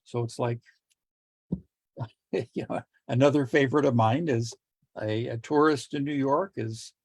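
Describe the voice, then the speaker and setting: A middle-aged man teaching communication skills in a relaxed lecture, telling jokes with quoted voices and small laughs. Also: medium pitch, measured pace, slightly rough, dry recording. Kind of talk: lecture with joke anecdotes.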